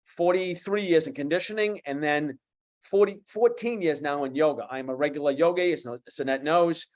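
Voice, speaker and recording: A man in his fifties with a Boston accent, speaking as a guest coach on an online talk show, animated and emphatic, repeating key phrases. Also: a little high, normal speed. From USA. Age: 50s.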